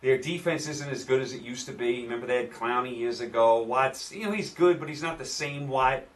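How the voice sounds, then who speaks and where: A man's voice: mid-range voice, fairly quick, distant mic. Opinionated New York man picking games. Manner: opinionated, repeats himself for emphasis. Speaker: sports picks host. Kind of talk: casual sports betting commentary.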